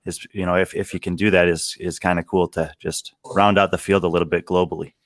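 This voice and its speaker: Deep, measured male co-host. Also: little pitch movement, no echo, clean studio sound. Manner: measured, thoughtful. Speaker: podcast co-host. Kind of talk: casual podcast chat.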